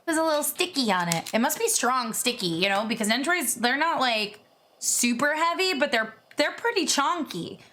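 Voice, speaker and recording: A woman streamer chatting casually as she reacts to videos, excitable and gushing, swearing freely. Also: high voice, normal speed. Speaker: VTuber streamer.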